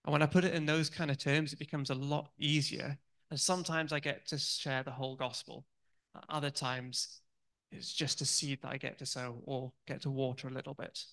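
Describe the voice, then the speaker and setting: A man's voice: medium pitch, level tone, normal speed, a bit bright. A man in his thirties giving a sermon, telling personal stories in a chatty, candid way with many ums and restarts. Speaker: church speaker.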